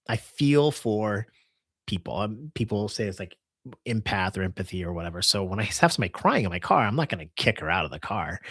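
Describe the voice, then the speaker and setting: Animated man telling a story. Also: fairly low pitch, dry recording, clean studio sound. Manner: animated, acts out dialogue, laughs while telling. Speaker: rideshare driver and live streamer. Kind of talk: casual storytelling on a live stream.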